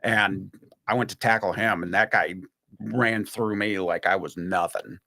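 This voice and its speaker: A man's voice: on the low side, a little slow, gravelly. A man chatting on a podcast, telling long stories and acting out other people's voices along the way. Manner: animated storyteller who acts out other people's voices. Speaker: podcast guest or host recalling stories. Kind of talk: casual podcast chat, storytelling.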